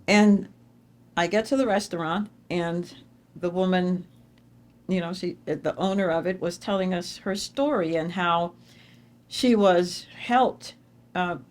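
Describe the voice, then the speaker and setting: A woman giving an inspirational speech at an awards dinner, telling stories with sudden jumps in pitch and repeating phrases for emphasis. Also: slow. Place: dinner event hall.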